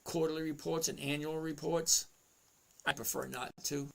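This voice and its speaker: Man, casual livestream host, gravelly voice, a little high, chatty, answers chat. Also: steady tone, moderate pace. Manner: chatty, reads chat names aloud, talks to himself over charts.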